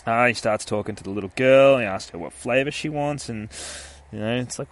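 A man's voice: medium pitch, expressive, fairly quick. A man in his thirties hosts a podcast, rambling and swearing casually while reviewing a comic book. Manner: rambling and sweary, with many fillers. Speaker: podcast host.

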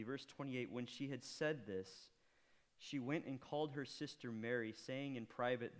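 A man preaching a sermon, swinging from hushed, intimate lines to loud, impassioned appeals. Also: mid-range voice. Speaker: pastor.

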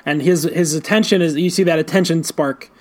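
High-voiced man casually discussing a comic. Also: steady tone, fairly quick. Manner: rambling, lots of fillers, laughs into impressions. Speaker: podcast co-host.

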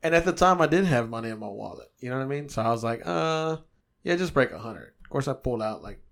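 A man tells a story in loose, profane podcast chat. His voice sits at an ordinary middle pitch, and he gets animated as he rants and jokes. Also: quick pace, vocal fry. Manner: animated storytelling, swears a lot.

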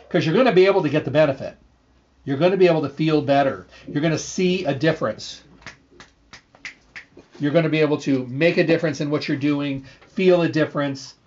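A middle-aged man hosting a health show, telling a story in an earnest, repetitive way with lively energy. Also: mid-range voice. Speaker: radio show host and health food store owner. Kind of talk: casual storytelling monologue. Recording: slightly dull, lo-fi sound.

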